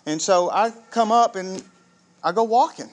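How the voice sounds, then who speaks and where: A man preaching a sermon as pastor, telling the story with animated, acted-out dialogue. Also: sits high, normal speed. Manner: animated storytelling, acting out biblical characters.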